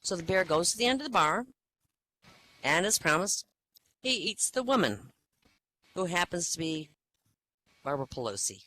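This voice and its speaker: A man's voice: sits high, big pitch swings, normal speed, long pauses, sharp tone, slight background noise, rough recording. A man telling a string of jokes, acting out each character as he goes. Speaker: joke teller. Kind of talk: stand-up joke telling.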